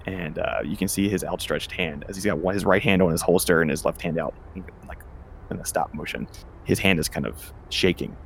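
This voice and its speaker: A man with a very deep, gravelly voice running a tabletop game. He describes scenes loosely and with plenty of fillers. A faint hiss sits under the voice. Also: a little fast. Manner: loose, filler-heavy narration with laughs. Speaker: game master.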